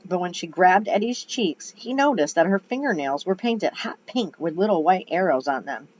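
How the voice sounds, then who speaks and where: A woman's voice: lowish voice, expressive, normal speed, a little mellow, a little hiss or hum. A woman reading a children's book aloud, with chatty asides between passages. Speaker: reader. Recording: dull lo-fi recording.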